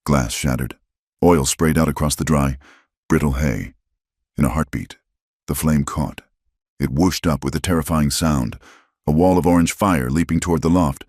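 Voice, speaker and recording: Very deep-voiced man narrating a story. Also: moderate pace, a little mellow, dry recording, studio quality.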